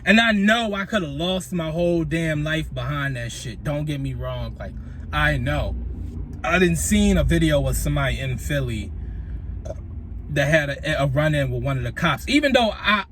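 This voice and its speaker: A man telling a profane, animated story in a casual vlog at his workplace on a break, swinging between loud outbursts and mutters. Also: on the high side, moderate pace, slight background noise.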